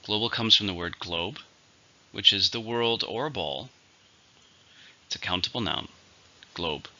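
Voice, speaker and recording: A man teaches English vocabulary, working methodically through syllables, stress and example sentences. His voice sits somewhat low but sounds very bright and tense, with an animated, wide-ranging pitch. The recording is dull and lo-fi. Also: measured pace. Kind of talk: vocabulary lesson.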